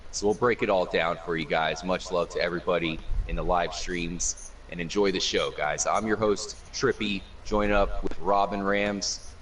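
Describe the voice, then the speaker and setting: A man's voice: low voice, flat delivery, moderate pace, a bit bright. A man hosting a casual gaming discussion show, upbeat and talking straight to his guests and viewers. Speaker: show host. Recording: distant mic with faint noise.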